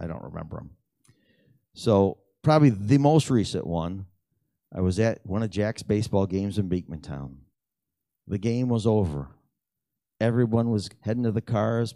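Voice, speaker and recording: A middle-aged man telling prayer stories in a lively, animated way, acting out the dialogue. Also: no room sound, studio quality. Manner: animated storyteller who acts out dialogue with big pitch jumps. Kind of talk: storytelling testimony talk.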